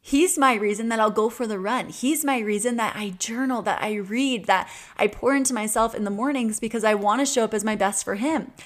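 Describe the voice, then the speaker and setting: A woman's voice: a little high, fairly quick, hardly any pauses. A woman in her twenties talking in an earnest, chatty monologue, often laughing and using fillers. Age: 20s. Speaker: podcast host. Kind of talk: casual reflective monologue.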